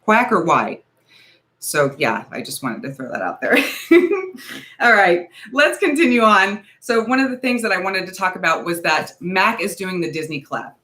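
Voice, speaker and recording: A woman's voice: on the low side, big pitch swings, a little fast, hardly any pauses, bright, forceful tone. A woman in her forties hosting a casual beauty livestream, talking in a nervous, rambling, hedging way. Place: home, ring light.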